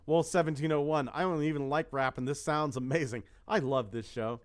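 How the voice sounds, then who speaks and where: A man co-hosts a casual, profane podcast. His voice sits a little high, and he reads lyrics in a sing-song lilt and viewer comments in a flatter tone. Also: brisk. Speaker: co-host.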